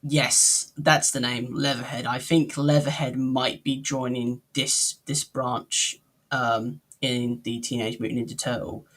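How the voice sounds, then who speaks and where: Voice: medium pitch, flat delivery, measured pace, a bit bright. A co-host in a casual cartoon review chat, hesitant and often searching for words. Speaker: podcast co-host.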